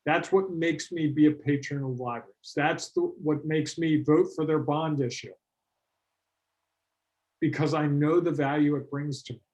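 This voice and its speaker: A man's voice: on the high side, unhurried. A middle-aged man presenting a business workshop in a conversational way, telling stories and acting out what his clients say. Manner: animated storytelling, acts out quoted clients.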